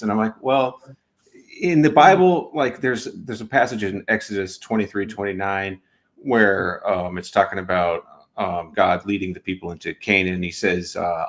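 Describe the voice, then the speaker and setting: Low-voiced man making his argument. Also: normal speed. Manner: casual, argumentative, filler-heavy. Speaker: debate participant.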